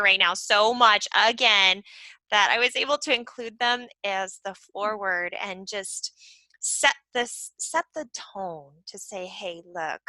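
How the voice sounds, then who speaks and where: A woman hosting a casual conversation, talking in an expressive, emotional way. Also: mid-range voice, no echo, low-quality recording. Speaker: host.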